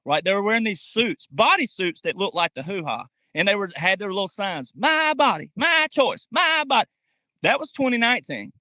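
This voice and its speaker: A man's voice: high-pitched, very animated, fairly quick, hardly any pauses, pushed and bright, no echo. A man delivering a political commentary monologue, emphatic and talking straight to his audience, acting out quotes in mocking voices. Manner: emphatic, addresses audience directly.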